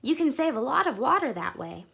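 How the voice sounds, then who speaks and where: Woman doing a cheerful little first-grade boy, high-pitched, lively and bouncy, storybook voice. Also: brisk, vocal fry, breathy edge, heavily acted. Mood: eager. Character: cheerful young schoolboy, eager and earnest.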